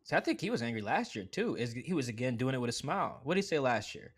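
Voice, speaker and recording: Chatty man, animated podcast guest. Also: medium pitch, breathy edge. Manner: animated, quick asides, acts out quoted voices; conversational with frequent "like" fillers. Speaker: sports beat writer as podcast guest. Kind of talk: casual podcast chat.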